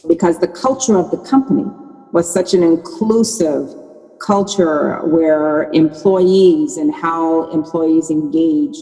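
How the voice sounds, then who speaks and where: A woman's voice: low-pitched, takes it slowly, dark tone, in a large hall, faint music behind, rough recording. A woman in her sixties, a podcast guest, telling her story candidly and often restarting her sentences. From Canada. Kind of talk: conversational podcast interview.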